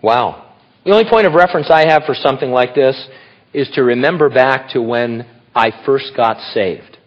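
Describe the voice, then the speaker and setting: A man's voice: mid-range voice, moderate pace. A middle-aged man preaching a sermon, telling stories animatedly and acting out quoted voices. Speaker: pastor. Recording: dull lo-fi recording.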